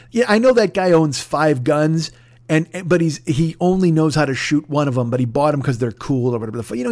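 A middle-aged man hosting his own show, ranting profanely and acting out the people he mocks. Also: high voice. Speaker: podcast host. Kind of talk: solo comedic rant.

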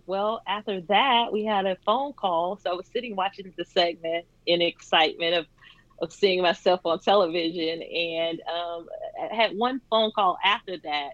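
A woman's voice: fairly low pitch, normal speed, no echo, lo-fi sound. A woman guest telling her story in a casual interview, laughing often and using many fillers. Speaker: charity founder, guest.

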